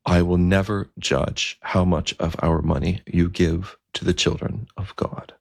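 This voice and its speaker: A man's voice: sits low, steady tone, unhurried, creaky, no echo, clean studio sound, exaggerated voice. A man voicing an earnest king who questions his bishop in a pleading, puzzled way, raising his voice well above his own. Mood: humble.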